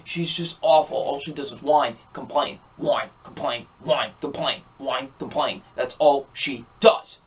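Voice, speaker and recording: A man's voice: mid-range voice, fairly even intonation, a little slow, hardly any pauses, breathy edge. A young man giving a ranting, repetitive movie review, sounding exasperated as he keeps circling back to the same complaints. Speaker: film reviewer.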